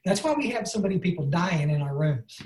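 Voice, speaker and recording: A man's voice: high-pitched, very animated, brisk, a little mellow, echoey room. A man giving an earnest, folksy recovery talk full of "and, uh" fillers. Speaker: recovery speaker. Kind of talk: personal testimony talk. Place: online meeting.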